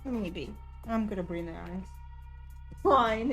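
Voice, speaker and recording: A woman's voice: on the high side, expressive, moderate pace, faint music behind. A young adult woman streamer in casual, giggly gameplay chat. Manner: giggly, chatty.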